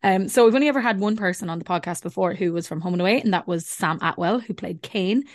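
A woman's voice: fairly low pitch, fast, no echo, clean studio sound. Chatty Irish woman podcast host. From Ireland. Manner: chatty, rambling, full of "like" and "um". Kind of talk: casual podcast intro and chat.

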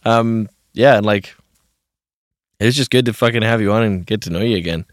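A young man hosts a podcast in casual chat, loose and full of fillers, swearing freely. His voice sits fairly low and the sound is close and dry, with little room around it. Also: normal speed, no echo. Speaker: podcast host. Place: small home studio.

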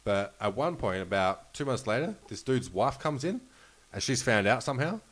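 A man's voice: mid-range voice, big pitch swings, moderate pace. Rambling man telling stories. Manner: rambling, swearing, laughs often. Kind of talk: casual storytelling chat.

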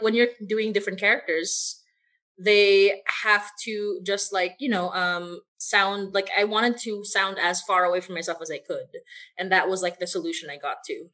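A woman's voice: medium pitch, fairly bright tone. Woman writer-host, rambly, self-deprecating, casual video-call Q&A. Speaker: podcast creator, writer and voice actor. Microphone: video call mic.

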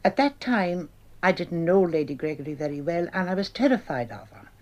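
A woman's voice: lowish voice, expressive, fairly quick, darkish tone. A woman, a former stage actress, reminiscing plainly and earnestly about rehearsals in an old archive recording. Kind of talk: archival interview recollection. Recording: muffled archival broadcast.

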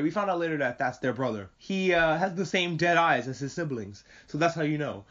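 A man chatting casually and excitedly as a podcast host reviewing an anime, swearing freely and rambling. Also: a little high, quick pace, few pauses. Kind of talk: casual chat. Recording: muffled lo-fi audio.

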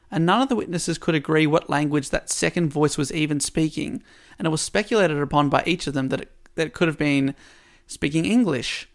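A man's voice: a little high, gravelly. A man co-hosting a casual chat, retelling a detective story with playful asides and frequent laughs. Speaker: podcast co-host.

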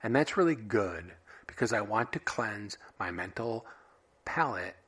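Husky deadpan man musing solo. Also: fairly low pitch, measured pace. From United States. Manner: wry, offhand, deadpan musings. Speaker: podcast host. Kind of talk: solo monologue of random thoughts.

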